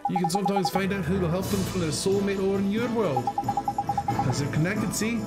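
A man's voice: high voice, wildly swooping pitch, normal speed, over loud music, pitched above the performer's own voice. A man voicing a chatty, cheeky little male fairy sidekick, full of slang and tag questions.

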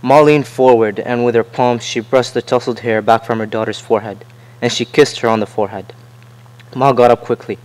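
A man reading a novel passage aloud in measured narration. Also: mid-range voice, steady tone, poor audio. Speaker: reader.

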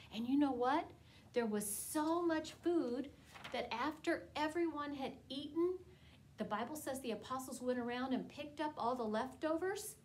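A woman teaching a Bible class to preschoolers, telling a story in an animated, sing-song way, exaggerated for small children. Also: fairly high pitch, a little hiss or hum, rough recording.

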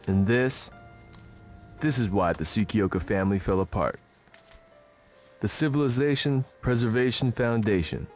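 An actor as a brooding young game hero. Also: male voice, lowish voice, soft background music, close to an everyday voice. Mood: earnest brooding. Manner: slow, solemn monologue. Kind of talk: dubbed game dialogue.

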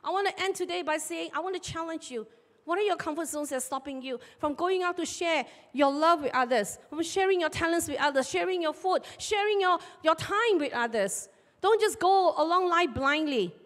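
A woman pastor, preaching a sermon and telling personal stories in an animated way. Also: very high-pitched, moderate pace. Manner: animated storyteller, acts out shouted market dialogue. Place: church sanctuary. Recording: long church hall reverb.

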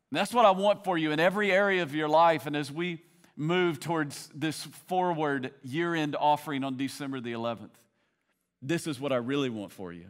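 A man's voice: on the high side, normal speed. A man in his thirties preaching a sermon, moving from easy storytelling to fervent preaching. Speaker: pastor. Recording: reverberant hall.

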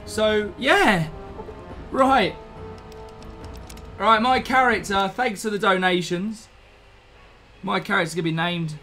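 A live streamer, chatting casually, excitable and flustered, laughing often. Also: mid-range voice, slow pace, long pauses, soft background music.

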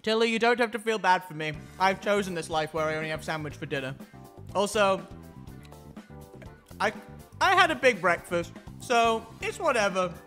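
A man's voice: sits high, big pitch swings, moderate pace, pauses often, pushed and bright, soft background music. Joking young man with a Yorkshire accent. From northern England. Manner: joking, self-deprecating, with many restarts. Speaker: streamer. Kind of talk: casual gaming chat.

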